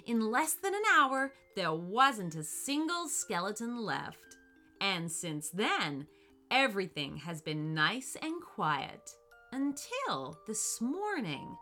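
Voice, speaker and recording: A woman reads a children's storybook aloud, taking her time and letting her voice rise and fall a great deal. Her tone is bright and clear, and soft music plays under her. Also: medium pitch. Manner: expressive and unhurried. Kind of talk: bedtime storybook narration.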